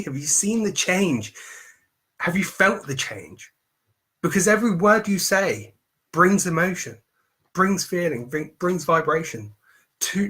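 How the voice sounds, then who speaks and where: A man's voice: high voice, a bit bright. A man coaching on mindset in a live stream talk, emphatic and repetitive as he preaches self-affirmation.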